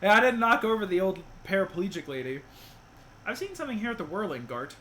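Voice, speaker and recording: A man's voice: sits high, sing-song, fast, bright, forceful tone, slight background noise. A young man giving casual, joking commentary while streaming a game, laughing often.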